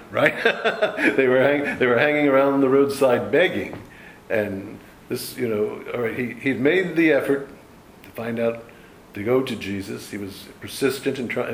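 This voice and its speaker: A man's voice: lowish voice, reverberant, a little hiss or hum, low-quality recording. A man giving an informal Bible study in a loose, conversational way, dropping frequent asides to his listeners. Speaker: Bible teacher.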